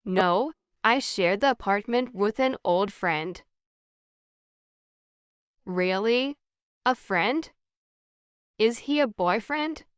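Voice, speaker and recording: A woman reading a scripted practice conversation in a slow, evenly paced, carefully articulated way. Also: mid-range voice, animated, smooth, no echo. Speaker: English practice dialogue voice.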